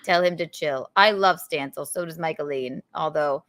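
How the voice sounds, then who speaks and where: A woman's voice: deep voice, normal speed, fairly bright tone. A young adult woman hosting a podcast, chatting casually and rambling with lots of giggles. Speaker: podcast host. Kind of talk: casual chat.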